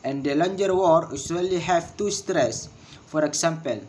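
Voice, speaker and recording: A man slowly reading English pronunciation lesson notes aloud, carefully sounding out words. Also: fairly high pitch, a little mellow. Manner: slow, careful reading with word drills.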